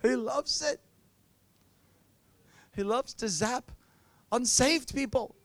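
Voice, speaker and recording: High-voiced preacher man, dry sound. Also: slow pace, fairly bright tone, no room sound. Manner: playful storytelling with acted-out quotes. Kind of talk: sermon.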